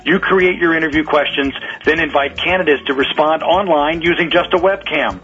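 A man pitching a service in scripted radio ad dialogue, slow and deliberate on key lines. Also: fairly bright tone. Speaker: company director in a radio ad. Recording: dull radio audio with faint music.

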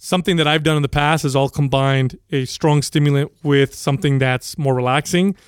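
A man with a smooth, fairly high voice chats casually on a podcast, telling family stories. He laughs easily and often trails off before picking the thread back up. The sound is close and dry. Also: steady tone, a little fast, no room sound. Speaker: podcast co-host and father.

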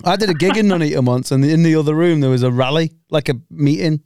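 A man's voice: a little high, fast, darkish tone, no echo, studio quality. A young man co-hosting a casual podcast, joking, swearing and laughing often. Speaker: podcast co-host. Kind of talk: casual banter.

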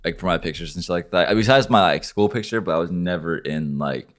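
A man's voice: low voice, a little fast, a bit bright. A young man from Oregon co-hosting a podcast, talking in a laid-back way and swearing casually. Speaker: podcast co-host.

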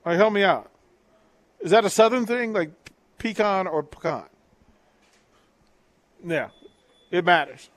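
A male sports radio host talks casually and loosely, often restarting his sentences as he reads out listener texts. His voice sits fairly high for a man. The sound is dry and close, with no room echo. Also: lively intonation, normal speed, long pauses. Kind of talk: casual call-in sports talk.

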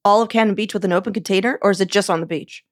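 A woman hosting a casual radio interview, reacting quickly with teasing remarks. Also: medium pitch. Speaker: radio show host.

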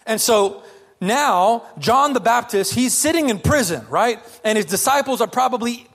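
Pastor guy preaching, kinda high voice, throws out questions at the crowd, casual and lively. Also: moderate pace, slightly rough. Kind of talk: sermon.

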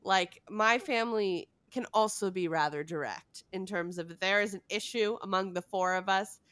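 A woman's voice: mid-range voice, normal speed, a bit bright, clear, resonant tone, no echo. A woman from the California Bay Area co-hosting a podcast, chatting in a wry way and laughing often. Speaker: podcast co-host. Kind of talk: casual podcast chat.

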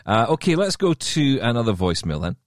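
A man's voice: medium pitch, very animated, fairly quick, no echo, studio quality. A man hosting a casual tech podcast, chatty and laughing easily between restarts. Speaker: podcast host.

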